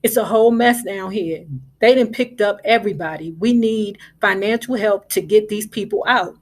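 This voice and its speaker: A woman's voice: mid-range voice, normal speed, close to an everyday voice. A woman voicing a pushy older aunt who urgently demands help over the phone, in a bossy tone.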